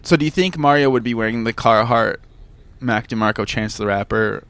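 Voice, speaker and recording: Wry rambling man with a gravelly voice. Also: mid-range voice, a little fast, a bit bright, no echo. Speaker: podcast co-host. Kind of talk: casual chat.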